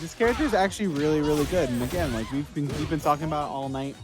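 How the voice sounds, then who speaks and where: Male co-commentator, a little high-pitched, upbeat play-by-play over a music bed. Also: very fast. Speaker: esports co-commentator. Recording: music playing underneath.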